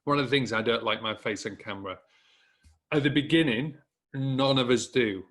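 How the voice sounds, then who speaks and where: Here a northern English speaker with a Hull accent talks at normal speed in a mid-range, slightly bright voice. His motivational message to business owners is direct and encouraging, driven home through emphatic repetition.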